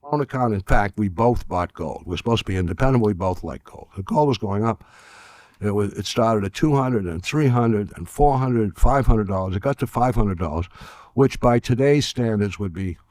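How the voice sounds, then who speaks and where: An older man telling a story in an archive clip, halting and repeating words, with a dry sense of humor. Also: fairly low pitch, expressive, a little mellow, dry recording. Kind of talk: storytelling anecdote.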